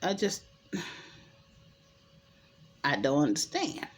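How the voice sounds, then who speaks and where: A woman's voice: deep voice, takes it slowly, slight background noise. A woman, chattily recapping a TV drama episode and acting out the characters' lines. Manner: chatty, animated retelling with quoted dialogue and opinions. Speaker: show recap host.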